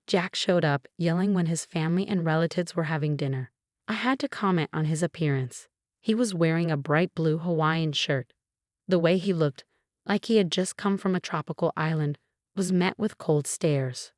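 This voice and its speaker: Woman narrator, low voice, dry close recording, steady first-person story read. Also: moderate pace, no room sound.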